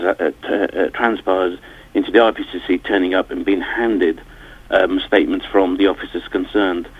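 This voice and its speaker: A man who campaigns for his family, speaking haltingly in a radio interview, with many fillers and restarts. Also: deep voice, breathy edge. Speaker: campaigner and bereaved family member. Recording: tinny phone line.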